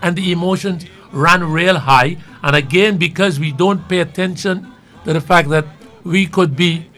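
A man comments on the news in a bright, forward voice, a little higher than most men. He talks in a measured, rambling way and thinks aloud over faint background music. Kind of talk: talk show commentary.

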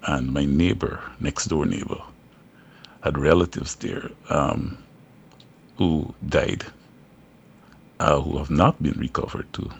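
A man, a songwriter guest, talking slowly from home on a call, with many pauses and fillers. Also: extremely low pitch, gravelly, breathy edge, lo-fi sound. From Guyana. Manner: slow, halting, many fillers. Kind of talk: remote interview. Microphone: phone or video call from home.

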